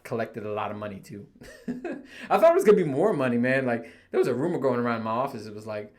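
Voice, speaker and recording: Chill young dude doing a solo podcast, swears a lot, keeps laughing, average pitch voice. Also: male voice, very animated, fast talker, a little mellow. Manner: laid-back and profane, laughs often, quotes coworkers in mock voices. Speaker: podcast host. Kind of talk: casual solo podcast monologue.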